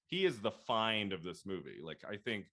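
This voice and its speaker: A man in his thirties hosting a casual film discussion, chatty and animated, laughing often as he quotes his own reactions. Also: fairly low pitch, moderate pace. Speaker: podcast host.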